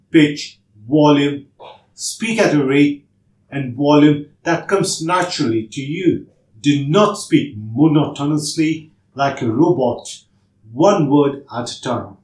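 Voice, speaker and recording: Male test-prep tutor, higher voice, echoey room, methodical instructional read. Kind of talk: instructional narration.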